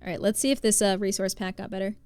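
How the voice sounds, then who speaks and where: A woman from New Jersey, live streaming and chatting casually while she plays, reading out and thanking her chat, quick to exclaim. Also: mid-range voice, level tone, darkish tone, clear, resonant tone, no echo.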